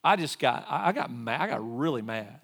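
Animated storytelling male pastor. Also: mid-range voice, a little fast, creaky, husky. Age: 40s. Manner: animated storyteller acting out both sides of a confrontation. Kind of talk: sermon storytelling.

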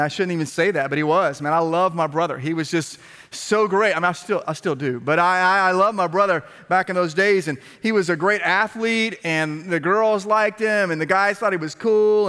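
A man preaching a sermon as a pastor, telling stories in a lively, conversational way with repeated phrases, speaking to a congregation in a church. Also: sits high, clear, resonant tone. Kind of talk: storytelling sermon. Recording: long reverb of a large hall.

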